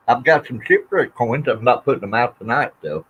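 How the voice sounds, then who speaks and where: A man's voice: mid-range voice, fairly bright tone, breathy edge. A man who collects coins, chatting casually on a livestream auction in a folksy, dry-joking way. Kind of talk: casual chat. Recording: slightly dull lo-fi stream audio.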